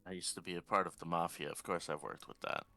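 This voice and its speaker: Man, tabletop player in character, smooth resonant voice, dry close sound, measured and suave. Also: sits low, steady tone, pushed and bright, no room sound, faint music behind. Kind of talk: in-character tabletop role-play.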